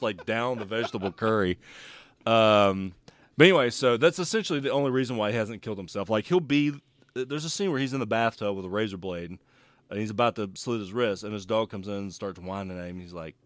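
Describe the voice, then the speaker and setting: A man's voice: on the low side, no room sound. A man co-hosting a casual chat, retelling a TV show at length with laughs and swearing. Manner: rambling storyteller, laughs, swears. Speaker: podcast co-host reviewing TV shows.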